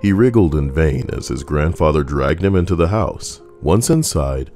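A man giving a measured, scripted narration of a horror story. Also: very deep voice, animated, a little mellow, faint music behind.

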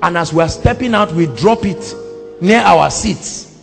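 A Nigerian man preaches a sermon in a high, gravelly voice that leaps up and down in pitch. He moves between hushed lines and shouts. His voice rings through a large hall with faint music behind. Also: animated, unhurried.

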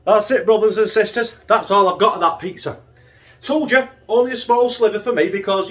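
A man's voice: high-pitched, animated, moderate pace, a bit bright, dull audio. A middle-aged man with a northern English accent reviewing a frozen pizza in a casual vlog, chatty and swearing freely, sometimes talking with his mouth full. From northern England. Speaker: food review vlogger.

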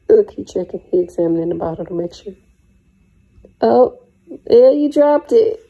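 A woman's voice: on the high side, animated, measured pace, creaky, long pauses, dark tone, slightly rough, lo-fi sound. A woman vlogging at home, playful and laughing as she talks to her baby. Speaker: family vlogger. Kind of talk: casual home vlog.

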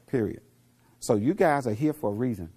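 A middle-aged man giving a motivational speech to a live audience, telling coaching stories and quizzing the crowd, dropping to low murmurs and then rising to loud punchlines. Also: animated, brisk, slightly rough. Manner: preachy storyteller, asks the crowd questions, swings from low murmurs to loud punchlines. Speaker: motivational speaker.

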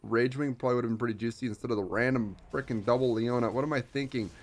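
A young man giving casual, excitable commentary while he plays a strategy game, with playful jokey asides. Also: mid-range voice, fast talker. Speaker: streamer. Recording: faint music behind.

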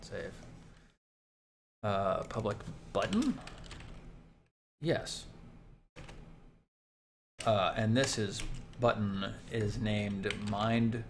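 A man streaming himself making a game, thinking aloud slowly as he writes code and reads out chat messages. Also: fairly low pitch. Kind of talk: casual live-stream talk while coding. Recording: faint background noise, keyboard typing.

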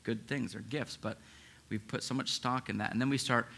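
Bright-voiced, animated male pastor. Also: mid-range voice, fairly quick, gravelly, a little hiss or hum. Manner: animated, conversational preaching with frequent restarts; acts out listeners' inner objections. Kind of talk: sermon.

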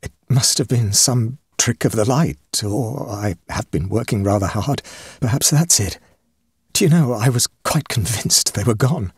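A man playing a panicked young husband, husky, dry, storybook ghost tale. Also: mid-range voice, unhurried, no room sound. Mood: subdued. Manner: frantic, breathless outbursts.

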